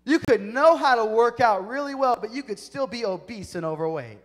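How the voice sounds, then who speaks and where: A man preaching a sermon to a youth group, energetic and emphatic, speaking straight to the kids. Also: very high voice, moderate pace. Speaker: youth pastor. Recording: long hall reverb.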